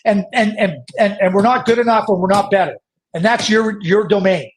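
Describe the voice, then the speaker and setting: A man's voice: sits high, brisk. A man from Canada giving emphatic, opinionated hockey analysis as a podcast guest, often repeating words as he presses a point. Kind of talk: animated opinionated podcast talk.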